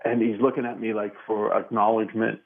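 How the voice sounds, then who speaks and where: A man in his sixties from Brooklyn, New York, telling relaxed, rambling stories as an interview guest, with plenty of fillers. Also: lowish voice, a little fast, creaky. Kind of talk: casual storytelling interview. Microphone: phone. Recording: tinny phone line.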